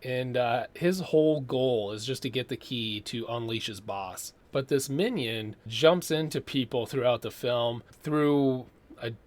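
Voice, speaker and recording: A man's voice: mid-range voice, unhurried. A man giving a casual, sardonic film review, rambling with frequent fillers.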